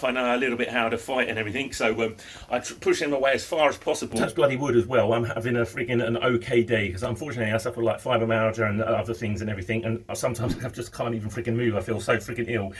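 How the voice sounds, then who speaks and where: A middle-aged man, a vlogger recounting a story to camera in an excitable, chatty way, swearing mildly and chuckling. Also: mid-range voice, fast talker, slight background noise.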